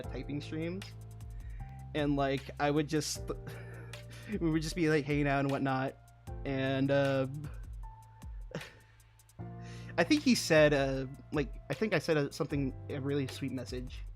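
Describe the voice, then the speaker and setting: A young man streaming while he builds models, telling a long funny story in casual chat, laughing and swearing often. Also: medium pitch.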